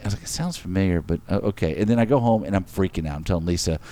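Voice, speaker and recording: Animated man telling a funny story. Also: deep voice, quick pace, hardly any pauses. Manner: animated, laughs often, acts out quotes. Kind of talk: casual storytelling chat.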